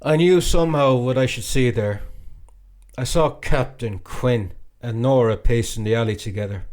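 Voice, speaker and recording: A man reading a classic novel aloud as an expressive, theatrical audiobook narrator. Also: mid-range voice, moderate pace. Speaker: audiobook reader.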